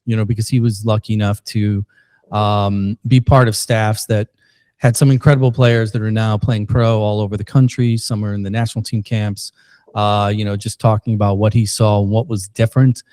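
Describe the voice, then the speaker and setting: A man's voice: lowish voice, little pitch movement, moderate pace, darkish tone, no room sound, studio quality. A man hosting a podcast, opening the episode in a chatty, loose way with plenty of fillers. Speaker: podcast host. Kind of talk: casual podcast intro. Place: indoors, recorded in Saint Louis.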